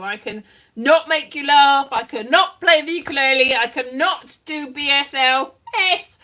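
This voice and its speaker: A woman's voice: on the high side, bright, forceful tone. A woman, chatting casually and self-deprecatingly to viewers on a livestream. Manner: self-deprecating, playful, rambling. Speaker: livestream host. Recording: ukulele in the background.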